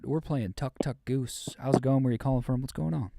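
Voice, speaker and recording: A man's voice: medium pitch, fairly quick, creaky, hardly any pauses, warm tone, dry recording, clean studio sound. A man hosting a late-night call-in show, joking crudely and teasing his callers. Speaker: podcast host.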